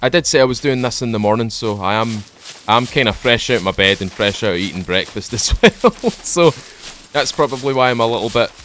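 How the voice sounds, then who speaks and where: A man at home talking into a desk microphone, giving a relaxed, rambling commentary while playing a game. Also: fairly low pitch, a little fast, slight background noise. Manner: rambling, chatty, drifts off topic; mellow, laid-back morning mood. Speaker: gaming channel host. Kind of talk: casual let's-play commentary.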